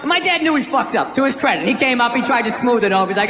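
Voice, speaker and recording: American comic ranting and cussing on stage, shouty, big echoey theater with a loud crowd. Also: male voice, very high voice, expressive, fast. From United States. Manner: ranting, profane, shouts punchlines. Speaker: stand-up comedian. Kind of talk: stand-up comedy set. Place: theater stage before a live audience.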